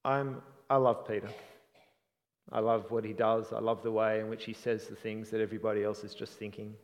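A man preaching a sermon in an earnest, reflective way, often trailing off softly at the ends of phrases. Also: fairly low pitch, little pitch movement, fairly quick, long reverb tail.

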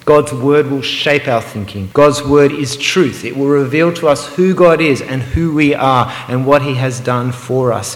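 A man preaching a sermon, earnest and emphatic, sometimes slowing to a hushed, meditative repetition. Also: medium pitch. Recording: roomy hall with long reverb.

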